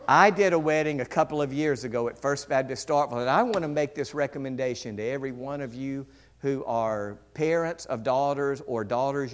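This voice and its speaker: Male preacher, mid-pitched voice, lively storytelling sermon. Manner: animated, acts out quoted voices with big pitch jumps. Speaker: pastor.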